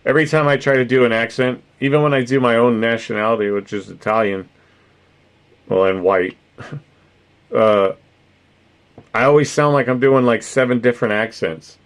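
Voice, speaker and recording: A man's voice: mid-range voice, steady tone, moderate pace, long pauses. A man chatting casually with viewers on a stream, rambling, swearing freely and laughing often, with no particular accent. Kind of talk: casual livestream chat.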